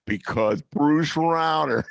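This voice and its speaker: A man's voice: on the high side, slow pace, creaky, clear, resonant tone, no echo. An older man hosting a political talk show, sarcastic and ranting. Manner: sarcastic, ranting, mocks people in put-on voices. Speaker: podcast host.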